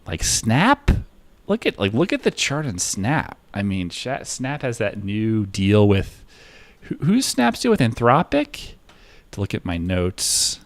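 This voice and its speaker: Rambling, profane low-voiced man. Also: huge pitch swings, slow. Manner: rambling, profane, many fillers. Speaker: livestreamer trading stocks. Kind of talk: casual live-stream chat.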